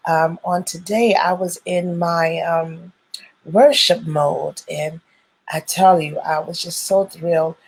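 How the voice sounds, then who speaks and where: A woman's voice: lowish voice, level tone, slow pace, a little mellow, slightly rough, poor audio. A woman hosting her own live stream, greeting viewers over and over in churchy, welcoming phrases. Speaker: host of a live stream show.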